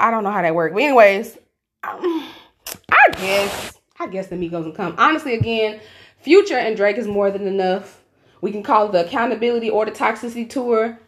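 A young woman co-hosts a casual podcast. She talks in a sassy, animated way, tossing out exclamations at a middling pitch. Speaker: podcast co-host. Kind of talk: casual chat.

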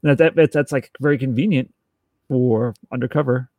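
A man co-hosting a podcast in casual chat, acting out scenes in quick little voices. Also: medium pitch, darkish tone, no echo, clean studio sound. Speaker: podcast co-host.

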